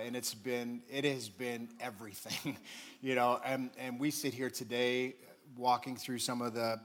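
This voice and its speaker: A man's voice: medium pitch, a bit bright. A middle-aged man giving a sermon, telling a family story with chuckles and call-outs to the congregation.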